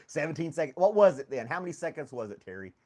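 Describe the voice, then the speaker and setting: Talking fast in a sing-song, mellow voice that runs on the high side, a podcast host keeps a casual coffee live stream going from his home studio. Foam covers the walls, and he laughs often, reads the chat and chats with his dog.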